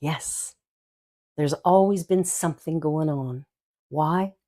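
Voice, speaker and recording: Older female minister-host, low-pitched, storytelling with laughs and asides. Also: takes it slowly. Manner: warm storytelling with giggles and asides. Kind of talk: inspirational talk.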